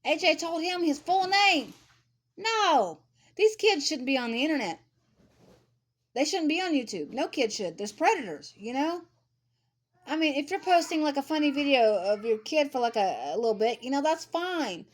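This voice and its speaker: This vlogger, a woman in her thirties, has a high-pitched, sing-song voice and keeps a moderate pace. Her casual to-camera commentary is blunt and ranting, and she repeats herself to stress her points.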